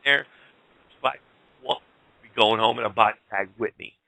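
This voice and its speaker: Gravelly, forceful talk-radio man. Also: on the low side, moderate pace, no echo. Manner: blunt, fired-up, swears and addresses folks directly. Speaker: radio show host. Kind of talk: casual talk radio rant.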